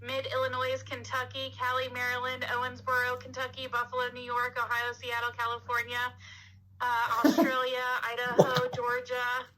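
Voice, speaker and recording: A woman co-hosting a live stream, briskly reading out viewer locations. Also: fairly high pitch, monotone, a crowd in the background, poor audio. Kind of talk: reading out a list.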